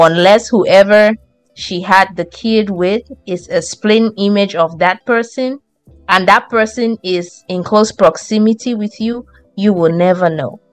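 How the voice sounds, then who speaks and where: Woman in a book discussion, lowish voice, dry sound, firm and explanatory. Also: no echo, poor audio. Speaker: book club member. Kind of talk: casual discussion.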